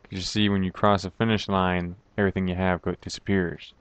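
A man's voice: low-pitched, level tone, fairly quick, dry recording. A man commentating his gameplay, sarcastic and frustrated, swearing at the game's maker. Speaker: let's play commentator. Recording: dry, dull lo-fi mic.

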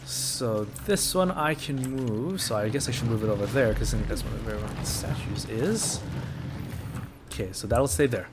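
A man's voice: medium pitch, lively intonation, moderate pace, very noisy. A man doing casual gameplay commentary, thinking aloud, joking and cursing at the game. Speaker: let's play commentator. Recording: game music under voice.

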